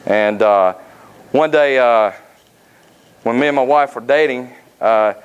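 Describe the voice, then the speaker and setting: A man, giving a motivational speech at a sales academy. He tells folksy personal stories and pauses often on "uh.". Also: medium pitch, clean tone, highs cut off. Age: 30s. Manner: folksy, anecdotal, frequent "uh" fillers.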